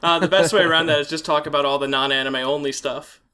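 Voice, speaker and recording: A man's voice: a little high, fairly even intonation, fast, pushed and bright, clear, resonant tone. A man as a guest in a casual podcast chat, with dry, sardonic humor.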